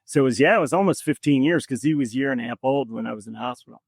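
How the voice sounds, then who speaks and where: Guy on a podcast telling his story, earnest, kinda reflective, lots of pauses, mid voice, dry close mic. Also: mid-range voice, creaky, slightly rough, no echo. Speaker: podcast guest. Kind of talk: personal storytelling in conversation.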